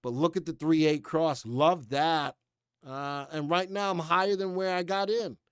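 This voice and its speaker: A man's voice: fairly high pitch, unhurried, clear, resonant tone, no echo, studio quality. An American man hosting a live stock market show in casual, chatty commentary, reading headlines aloud and skimming past parts. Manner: chatty, reads headlines aloud and skims with "blah, blah".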